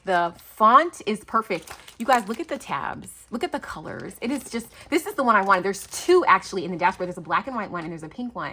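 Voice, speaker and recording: A woman in her thirties chatting casually as she opens craft mail at home, gushing and excitable with lots of fillers and gasps. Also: mid-range voice, husky. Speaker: crafting channel host. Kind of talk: casual unboxing chat. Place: home, near garage.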